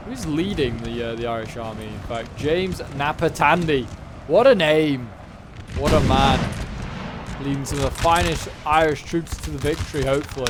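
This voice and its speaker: A man's voice: on the high side, heavy background noise. A man giving chatty play-by-play commentary on a strategy game battle, with wry asides. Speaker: gameplay commentator.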